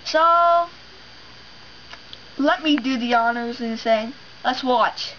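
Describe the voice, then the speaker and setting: A woman's voice: on the high side, steady tone, measured pace. A woman introducing a video clip in a playful, chatty way. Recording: muffled lo-fi audio with faint hiss.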